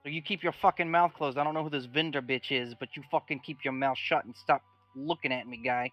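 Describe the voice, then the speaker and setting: A man's voice: medium pitch, steady tone, a little fast, dull audio, faint music behind, lightly acted. A man voicing a foul-mouthed, combative male rat-folk brawler in a tabletop game, swearing constantly. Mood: belligerent.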